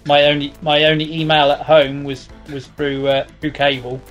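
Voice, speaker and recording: A man recalling the past as a guest in an even, measured way. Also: on the high side, dull audio, faint music behind. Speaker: guest, magazine co-editor. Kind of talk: casual reminiscing.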